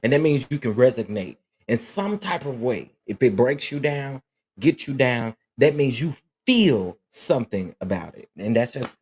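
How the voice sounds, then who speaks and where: Husky-voiced emotional male livestream host. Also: mid-range voice, big pitch swings, moderate pace, darkish tone. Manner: emotional, earnest, repeats himself. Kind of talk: casual livestream chat.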